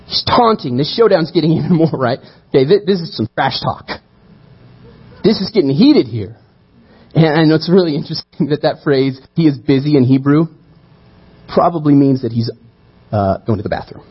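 A man preaching a sermon, telling the story with animated energy and acting out the quoted voices. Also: fairly high pitch, normal speed, pauses often, slightly rough, lo-fi sound. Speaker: pastor.

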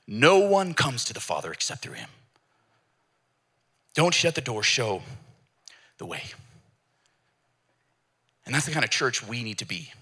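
A man's voice: fairly high pitch, breathy edge. A man preaching a sermon as a pastor, telling stories and putting on voices for the people in them. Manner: animated storytelling with acted voices.

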